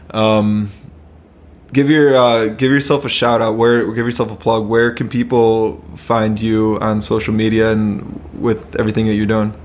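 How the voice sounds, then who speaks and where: A laid-back man hosting a podcast, chatting casually and laughing easily. His voice sits at an ordinary middle pitch, and he tends to restart his sentences. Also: a little hiss or hum. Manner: laid-back, laughs often, repeats words. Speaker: podcast host. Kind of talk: casual podcast chat and outro.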